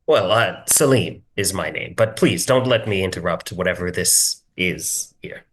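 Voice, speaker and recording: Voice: sits low, expressive, a little slow. A player in a tabletop role-playing game, speaking in a wry, dry, understated way. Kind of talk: in-character tabletop role-play.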